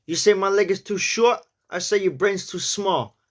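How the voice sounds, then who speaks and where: A man's voice: sits high, moderate pace, pitched above the performer's own voice, natural voice. A man voicing a brash male gangster in a put-on New York accent, stretching his vowels. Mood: swaggering. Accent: attempted New York.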